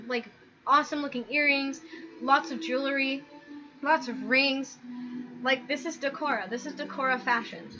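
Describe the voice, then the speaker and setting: A woman with a high voice hosts a video of casual commentary over images, ranting in an animated, exasperated way with lots of "like". The sound is dull and lo-fi, with background music.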